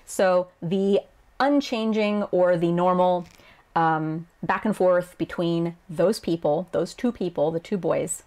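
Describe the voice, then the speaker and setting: A woman who translates Japanese games explains her work in a casual video lesson, her voice lowish and a little mellow. She's chatty and quick to laugh, acting out quoted lines as she goes.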